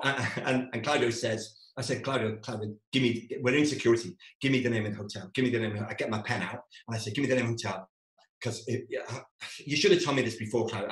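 A man telling a comic story to a live-streamed audience, acting out his own panicked lines in a shrill voice. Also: echoey room, low-quality recording. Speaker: stand-up storyteller.

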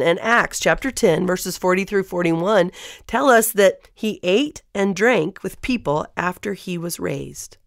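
A woman's voice: lowish voice, gravelly, dry recording. Woman teaching the Bible, dry sound. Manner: conversational, lively when reading scripture. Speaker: podcast host and Bible teacher.

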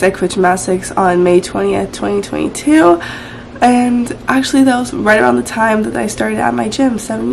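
A teenage girl vlogging in a casual, chatty way, full of "um" and "like", her voice hoarse and rough. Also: mid-range voice, a little hiss or hum. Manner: chatty, many fillers like "um" and "like". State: hoarse, voice partly gone. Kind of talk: casual vlog chat.

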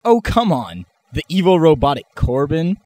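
A man's voice: on the high side, big pitch swings, moderate pace, mellow, no room sound. A teenage boy playing an earnest teen superhero in an amateur comedy sketch. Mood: matter-of-fact. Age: late teens.

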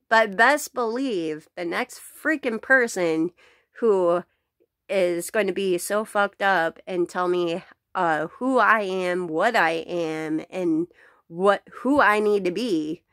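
A woman's voice: medium pitch, a bit bright, no room sound, clean studio sound. A woman venting bluntly to camera about her day, swearing freely and laughing between sentences, recorded at home. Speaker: vlogger. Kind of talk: casual venting rant to camera.

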